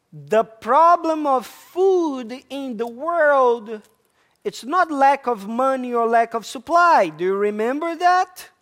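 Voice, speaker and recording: Preacher, sermon, slow unhurried delivery, emphatic, calls out to the church. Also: sits high, a bit bright. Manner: emphatic, repeats key words, addresses listeners as church. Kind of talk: sermon with questions to the congregation.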